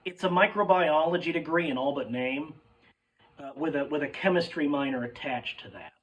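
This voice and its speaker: A man's voice: fairly high pitch, normal speed, fairly bright tone, recorded from a distance, low-quality recording. A man in his thirties talking casually in a rambling, self-deprecating monologue with emphatic repetitions. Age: 30s.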